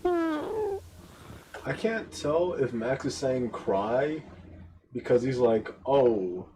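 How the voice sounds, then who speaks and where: A man's voice: mid-range voice, very animated, extremely slow, mellow, a little hiss or hum, rough recording. A man streaming his reactions in casual commentary, musing and thinking aloud.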